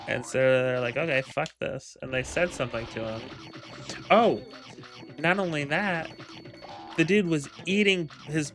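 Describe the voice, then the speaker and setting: A man's voice: on the high side, bright, forceful tone. A man casually telling a rambling, profane story, full of ums, laughs and quoted lines. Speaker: gaming video creator. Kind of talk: casual storytelling over gameplay.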